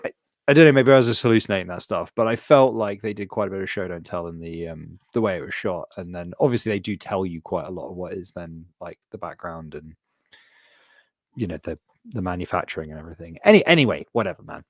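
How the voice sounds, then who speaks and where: A man's voice: sits low, quick pace, no echo, studio quality. A man co-hosting a podcast in casual chat, rambling with lots of "like" and swearing. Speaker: podcast co-host.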